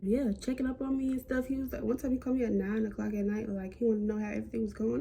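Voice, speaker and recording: A young woman telling a personal story to camera in a chatty, animated way. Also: fast, creaky, hardly any pauses, background noise. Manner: animated, chatty, acts out quotes with big jumps in pitch. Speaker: vlogger.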